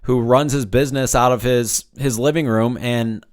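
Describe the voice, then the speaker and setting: A man hosting a solo coaching podcast on sales, direct and energetic, often checking in with "okay?" and "right?". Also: mid-range voice, moderate pace.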